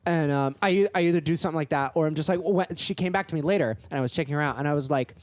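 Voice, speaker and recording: A woman's voice: deep voice, expressive, a little fast, a little mellow, dry recording. A young woman co-hosting a podcast, telling work stories in casual chat, swearing and acting out customers. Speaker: podcast co-host.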